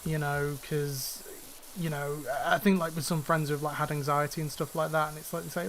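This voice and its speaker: He's a young man from northwest England hosting a gaming channel, with a faint, fairly neutral northern accent and a fast, flat, somewhat bright voice on the high side. The chat rambles casually, packed with fillers and false starts, over a little hiss or hum.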